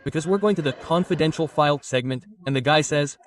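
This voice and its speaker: A man doing a stand-up comedy set, telling stories with lively crowd work and swearing. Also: fairly high pitch, quick pace, few pauses, distant mic. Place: comedy club stage.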